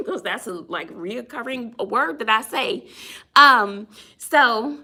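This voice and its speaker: A woman's voice: a little high, lively intonation, unhurried, bright, forceful tone. A woman who is a teacher, chatting casually to viewers on a phone livestream, laughing often and greeting people as she tells a story.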